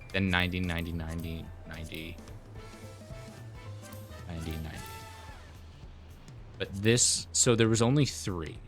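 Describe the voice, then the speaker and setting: A male streamer chats casually while playing a game live, rambling along with plenty of filler words. His voice sits on the low side. Faint music plays in the background. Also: a bit bright. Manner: rambling, filler-heavy talk.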